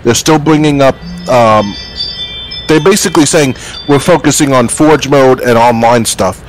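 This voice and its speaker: A man's voice: medium pitch, unhurried, soft background music, poor audio. A man hosting a casual podcast, asking questions hesitantly with many fillers.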